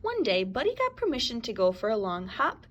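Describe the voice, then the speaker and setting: Woman teacher, children's story read-aloud, lively pitch, home recording with faint hiss. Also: fairly quick. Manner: warm, expressive storytelling.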